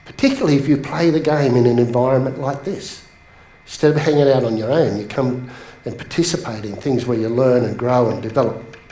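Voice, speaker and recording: A man coaching a seated audience in a motivational bootcamp talk, telling stories with sudden rises in pitch for emphasis. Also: fairly quick. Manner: animated storytelling, pitch jumps up for emphasis. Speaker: business coach. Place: training room with a live audience. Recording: echoey room.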